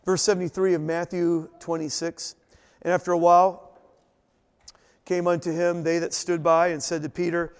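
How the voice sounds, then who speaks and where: A man leading a Bible study in a lively, conversational way, asking his listeners questions as he goes through the text. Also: on the high side, normal speed, pauses often, clean tone, in a large hall. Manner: animated, conversational, asks the group questions. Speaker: Bible teacher.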